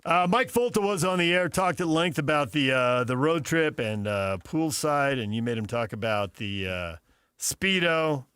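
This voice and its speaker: A man's voice: on the high side, expressive, moderate pace, fairly bright tone, clean tone, dry recording, studio quality. A man co-hosting a sports radio show, bantering casually and teasing his partner, often laughing.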